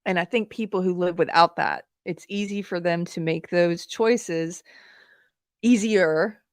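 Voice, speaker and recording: A woman hosting a live talk show, telling a personal story in a candid, animated way with fillers and laughs, at times close to tears. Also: lowish voice, a little slow, no room sound. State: emotional, near tears. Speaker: podcast host. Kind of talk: live-streamed commentary, personal anecdote.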